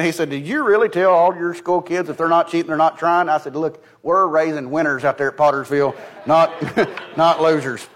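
Folksy preacher man with emphatic swings. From United States. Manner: folksy, storytelling with repeated "he said"; swings from loud emphatic peaks to low quiet asides. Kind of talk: sermon.

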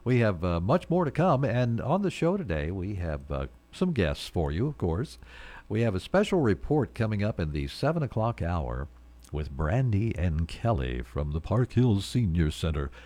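A man's voice: sits low, moderate pace. A man hosting a local morning radio show, chatting loosely about weather and upcoming guests with plenty of fillers. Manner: relaxed, rambling with fillers. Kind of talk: casual radio announcing.

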